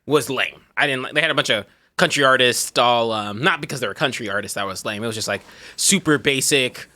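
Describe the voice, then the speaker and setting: A man's voice: medium pitch, fairly quick, sharp tone. A man co-hosting a casual podcast chat, laid-back and rambling with lots of fillers. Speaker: podcast co-host.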